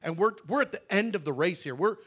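Middle-aged pastor guy, high bright voice, animated storytelling sermon. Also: fast, husky. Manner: animated, acts out dialogue, frequent restarts. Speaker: pastor telling a testimony.

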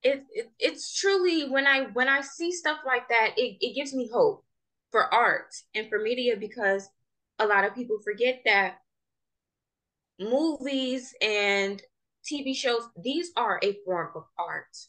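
A young woman with a bright, forceful voice hosts a relaxed podcast chat. She speaks with passion and strong opinions, pressing her points with emphasis. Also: a little high, measured pace, low-quality recording. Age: young adult. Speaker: podcast host. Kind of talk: casual chat.

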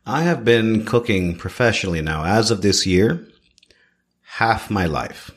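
A man in his thirties from Canada, a chef telling his story in a podcast interview with expressive swings and repeated phrases. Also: fairly low pitch, measured pace. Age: 30s. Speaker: chef, guest.

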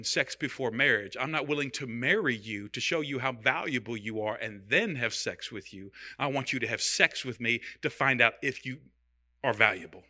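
A man's voice: medium pitch, sharp tone. A man preaching a sermon as pastor, talking in a loose, conversational way with humor and repeated phrases.

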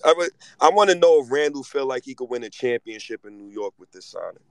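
A man's voice: medium pitch, lively intonation, fast talker, smooth, dry recording, poor audio. A man in his thirties, hosting a casual sports talk show and ranting with lots of profanity. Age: 30s. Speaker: host.

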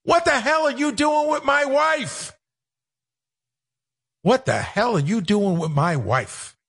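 A man putting on a shrill, squawking impression of a famous comedian yelling. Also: expressive, takes it slowly, creaky, slightly rough, exaggerated voice. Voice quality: screechy.

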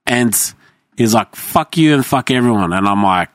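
A man with an Australian accent in casual chat, animated, laughing often and swearing freely. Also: mid-range voice, normal speed, dry recording, studio quality.

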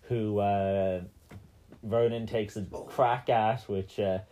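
A man's voice: fairly low pitch, steady tone, slow, warm tone. A man co-hosting a casual podcast, recapping a film in a joking, rambling way with lots of fillers. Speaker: podcast co-host.

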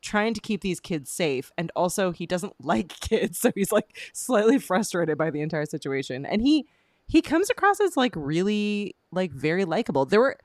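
Podcast co-host, loose and rambling, mid pitch, dead-dry close mic. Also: big pitch swings, normal speed, dry recording. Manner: rambling, lots of fillers and restarts, laughs often. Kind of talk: casual film review chat.

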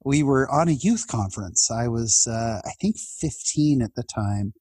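A man's voice: mid-range voice, expressive, measured pace, a little mellow, breathy edge, no echo. A man in his fifties, a podcast guest, tells personal stories in a heartfelt, chatty way with laughs and restarts. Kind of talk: personal storytelling in an interview.

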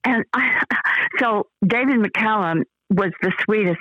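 An older woman remembers her acting days in a rambling, effusive way, halting on fillers and starting over. Her voice comes through a dull, lo-fi call line that sounds dry and close. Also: medium pitch, no echo. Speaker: actress guest. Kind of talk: casual interview chat.

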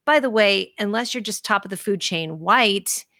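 A woman hosting a podcast, ranting in an animated, chatty way with quick asides. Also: medium pitch, dry recording, clean studio sound. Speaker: podcast host. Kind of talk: casual podcast chat.

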